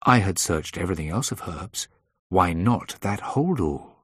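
Low husky guy reading a thriller audiobook, measured, dry sound. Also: lively intonation, dry recording. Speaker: audiobook narrator. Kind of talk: first-person thriller narration.

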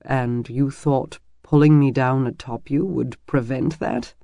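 A man voicing a gentle, teasing medieval warrior who speaks low and tenderly. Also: unhurried, gravelly, no room sound, studio quality.

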